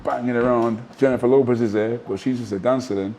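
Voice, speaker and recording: A man, a former boxer telling animated anecdotes in a casual interview, full of asides and restarts. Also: mid-range voice, fast, slight background noise. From Manchester, England. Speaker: guest, former professional boxer.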